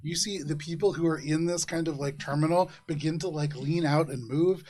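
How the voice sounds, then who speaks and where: A man's voice: on the high side, fairly quick, a little mellow. A man running a tabletop game, narrating casually with many fillers. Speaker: game master.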